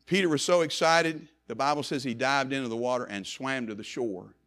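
Preaching at a fairly quick pace, a man delivers his sermon with passion, repeating phrases to drive them home. His voice climbs to loud emphasis and falls to quiet, low stretches.

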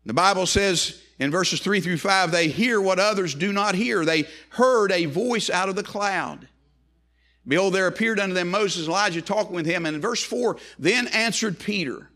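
A man preaching a sermon, swinging from hushed, low lines to ringing, raised ones. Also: normal speed.

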